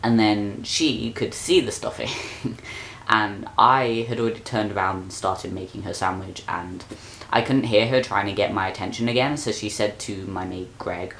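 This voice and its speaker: A man's voice: on the low side, steady tone, moderate pace, creaky, fairly bright tone, a little hiss or hum. Young man ranting, sweary. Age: young adult. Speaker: vlogger. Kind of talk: casual vlog rant.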